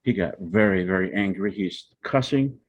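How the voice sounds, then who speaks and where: A man's voice: sits low, moderate pace. An older man, a family elder, telling meandering personal stories to his relatives. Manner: rambling, meandering anecdotes. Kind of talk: storytelling to family. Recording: dull lo-fi sound.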